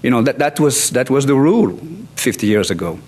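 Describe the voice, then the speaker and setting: Man, 60s, from France; academic conference speaker, halting, wry. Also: medium pitch, expressive, a little mellow, slightly rough. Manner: halting, many restarts and fillers, wry asides. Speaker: law professor. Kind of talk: conference talk. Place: conference hall.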